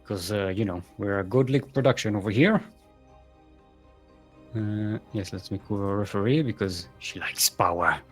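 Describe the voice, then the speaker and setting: A man's voice: lowish voice, moderate pace, husky, soft background music. A young man casting a live game match on his own, rambling and joking with many fillers and restarts. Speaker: esports caster. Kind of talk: solo live game commentary.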